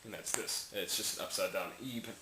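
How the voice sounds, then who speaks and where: A low-pitched, brisk man who makes language tutorials explains speech sounds casually. He rambles, self-corrects, and voices each sound as he goes. Faint hiss sits under an echoey room sound.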